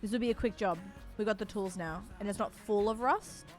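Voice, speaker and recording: A woman's voice: mid-range voice, brisk, over loud music. A young woman streaming a game and commenting as she goes. She chats casually, with self-mocking humour and easy swearing.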